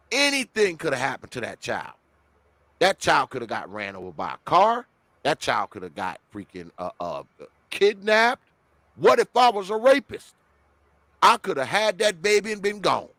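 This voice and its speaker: A man who is a guest on a podcast, telling a story in an animated, heavily profane way. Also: sits high, no room sound.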